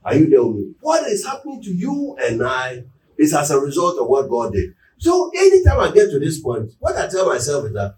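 A male pastor delivers a call-and-response sermon in a fairly high voice that rises and falls widely. He builds to loud, emphatic peaks. He is picked up from a distance in a reverberant church room. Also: wildly swooping pitch, brisk, a little hiss or hum. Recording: echoey room, mic at a distance.

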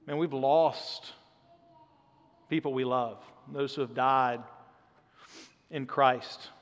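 A man's voice: medium pitch, a bit bright. A man in his thirties preaching a sermon in a conversational, earnest way, often dropping in "man" as he talks to the congregation. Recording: long hall reverb.

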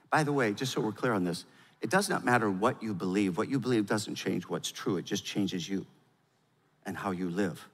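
An older man preaching a sermon as pastor, with emphatic delivery that swings from loud urgency to quiet gravity. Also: fairly low pitch, husky. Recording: long hall reverb.

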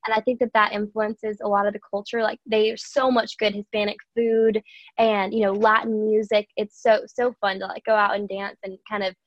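A woman's voice: mid-range voice, no echo, lo-fi sound. A young woman with a Southern American accent, chatting as an interview guest in a bubbly, giggly way. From USA. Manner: bubbly, giggly, says "y'all". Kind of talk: casual interview chat.

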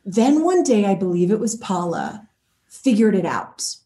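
A middle-aged woman, a voice actor, chatting casually in an interview with frequent laughs and quick asides. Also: medium pitch, very animated, mellow. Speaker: voice and motion capture actor, guest.

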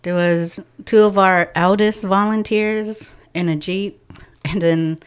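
A woman telling stories in a casual podcast chat, animated, acting out the dialogue of the people in it and laughing often. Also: mid-range voice, takes it slowly, clear, resonant tone. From from a First Nations reserve community. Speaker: guest, community outreach organizer.

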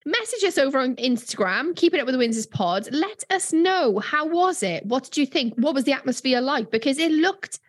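A woman's voice: sits high, animated, moderate pace, hardly any pauses. A woman co-hosting a podcast, chatting with gushing enthusiasm. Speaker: podcast co-host. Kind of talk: casual chat.

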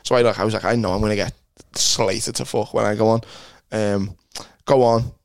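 A man's voice: lowish voice, fairly even intonation, creaky, dry recording. A man with a Liverpool accent, a comedian telling sweary stories in casual podcast chat. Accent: Scouse. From Liverpool, England. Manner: swearing, storytelling, quick anecdotes.

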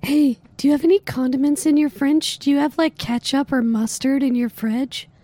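A woman with a high, soft, mellow voice runs a comedic prank phone call. She is bossy and teasing, with a mock-seductive purr as she gives orders. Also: steady tone, moderate pace. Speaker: prank caller, podcast host.

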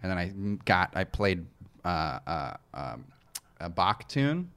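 A man co-hosting a podcast, chatting casually with many pauses and fillers. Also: deep voice, clear, resonant tone. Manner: relaxed, hesitant with many fillers. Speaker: podcast co-host and musician. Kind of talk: casual chat.

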